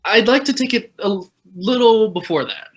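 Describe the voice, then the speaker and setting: A woman playing an earnest, halting actor who has been cast as the leading man in a stage play. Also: medium pitch, expressive, close to an everyday voice, low-quality recording.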